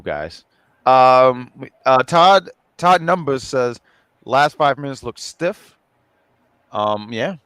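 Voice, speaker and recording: A man's voice: medium pitch, very animated, slow, fairly bright tone, clean tone, no echo. A man co-hosting a casual online chat, rambling with many fillers and restarts. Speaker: co-host.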